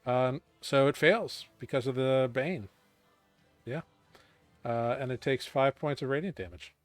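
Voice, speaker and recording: A man narrating as game master of a tabletop game, relaxed with many fillers. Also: medium pitch, unhurried, no echo, faint music behind.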